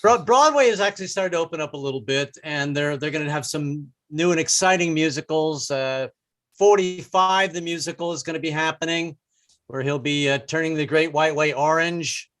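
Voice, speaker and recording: A man's voice: on the high side, normal speed, a bit bright. A middle-aged man doing a stand-up set over a video call, joking and rambling with stammered restarts. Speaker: stand-up comedian.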